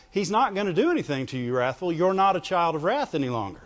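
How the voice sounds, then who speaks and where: Preaching in church, this pastor keeps his sermon folksy and asks the congregation for amens as he goes. He talks briskly and with animation, at a fairly high pitch. The audio sounds dull and lo-fi and carries a long reverb.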